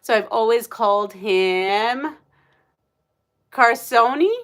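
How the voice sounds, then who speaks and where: A middle-aged woman hosting a casual livestream, chatting in a rambling, animated way and reading out viewer comments. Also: on the high side, measured pace. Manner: animated storytelling with gasps and laughs. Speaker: livestream host.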